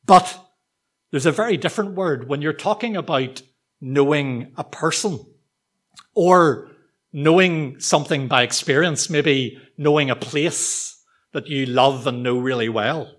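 A man's voice: a little high, unhurried, a bit bright. Conversational, self-deprecating male preacher. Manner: conversational and self-deprecating, with frequent ums and restarts. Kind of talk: sermon to a church congregation.

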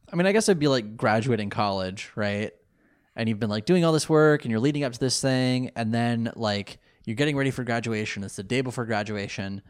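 A man co-hosting a casual podcast chat, recapping an anime episode with animated, laughing delivery. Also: fairly low pitch, clear, resonant tone. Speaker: podcast co-host.

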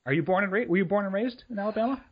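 A man's voice: sits high, very fast, slightly rough, highs cut off. A middle-aged man hosting a podcast, reading a scripted intro and then chatting casually with many restarts. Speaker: podcast host.

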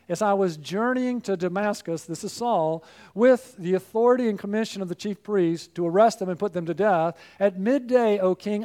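Man, pastor, sermon, fairly high voice, earnest, fervent appeals. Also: a little mellow.

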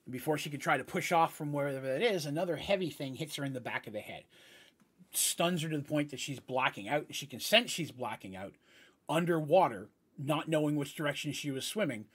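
A man's voice: a little high, animated, a little fast, fairly bright tone, slightly rough. A man narrating a tabletop role-playing game as game master, in a casual, meandering way with asides.

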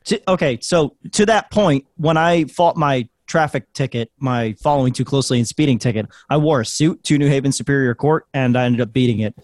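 A man's voice: medium pitch, brisk, few pauses, dry recording, clean studio sound. A young man co-hosting a podcast, bantering casually, cracking jokes and swearing. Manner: joking, swearing banter with playful asides. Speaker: podcast co-host. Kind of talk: casual chat.

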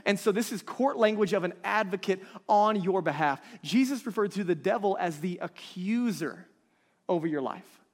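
A pastor in his thirties with a high voice preaches a conversational sermon at normal speed, frequently checking in with his listeners. A large hall gives the recording a long reverb.

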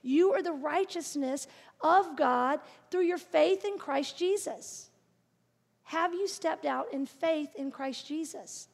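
A woman's voice: high voice, slow, creaky. A middle-aged woman preaching a sermon, earnest and encouraging, with playful asides. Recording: long reverb of a large hall.

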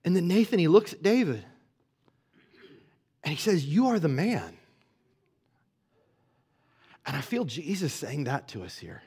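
A male pastor with a notably high voice delivers a sermon in a relaxed, conversational way. He drops into quiet, intimate asides and rises to emphatic peaks, checking in with rhetorical questions along the way. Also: normal speed, long pauses, husky. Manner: swings from hushed to emphatic.

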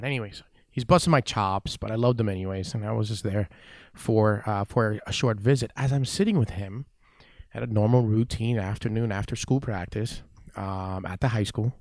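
A man's voice: on the low side, moderate pace, no echo, clean studio sound. A man around forty, a weightlifting coach, telling a story in an interview, acting out the dialogue and often saying "man". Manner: animated storyteller, acts out dialogue, says "man" a lot.

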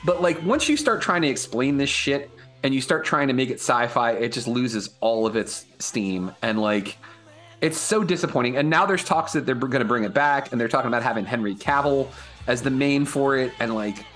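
A man's voice: mid-range voice, normal speed, a bit bright, soft background music. A man co-hosting a podcast in casual chat, swearing often and laughing a lot. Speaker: podcast co-host.

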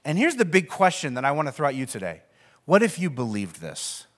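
A man's voice: on the high side, wildly swooping pitch, brisk, a bit bright. A man in his thirties giving a conversational sermon as pastor, with self-deprecating humor and many fillers.

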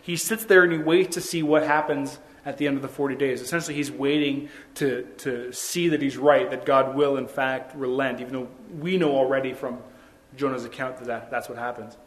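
A man's voice: mid-range voice, fairly even intonation, brisk. A man preaching a sermon as a pastor, in a conversational way with many rhetorical questions.

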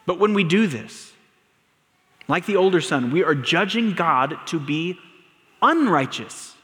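A man's voice: on the high side, animated, unhurried, long pauses, sharp tone. A man preaching a sermon to his congregation, telling stories and building to emphatic, raised lines. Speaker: pastor. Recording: long reverb of a large room.

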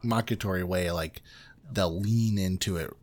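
A man's voice: low voice, normal speed, a little mellow. A man from the States, chatting casually and animatedly about a film and swearing freely. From southern United States. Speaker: podcast co-host.

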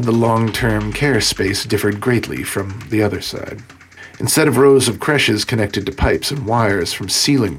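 A man narrating an audiobook in a steady, measured way. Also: on the low side, slightly rough. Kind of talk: scripted narration.

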